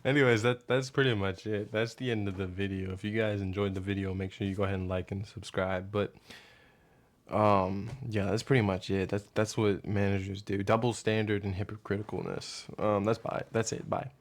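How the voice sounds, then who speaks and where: This young man's voice is on the low side and level, moving at a normal speed while he rants loosely to camera as a vlogger. He's rambling and profane, often losing track of his point, and he acts out his boss in a hushed mock voice.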